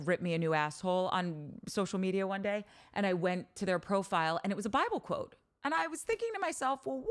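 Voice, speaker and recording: A woman hosting a podcast, talking in a candid, animated monologue, telling stories with frequent swearing and restarts. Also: fairly low pitch. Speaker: podcast host. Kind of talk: casual monologue.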